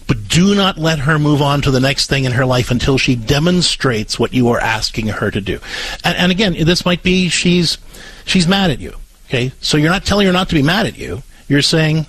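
Male co-host, call-in advice radio, animated, husky tone, dry close mic. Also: fairly high pitch, dry recording, rough recording. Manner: lively, coaching, acts out example phrases.

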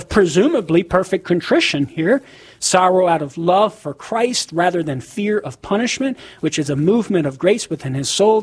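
Husky, articulate male guest speaker. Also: high voice. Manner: measured, articulate, explanatory. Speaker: guest apologist. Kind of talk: explaining doctrine.

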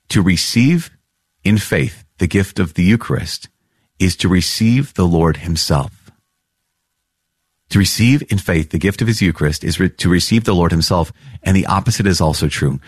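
A man hosting a podcast, reading and reflecting on catechism paragraphs with earnest, animated storytelling. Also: low-pitched, slightly rough, no room sound, studio quality. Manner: earnest, animated storytelling with laughs and repeated phrases. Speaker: priest podcast host.

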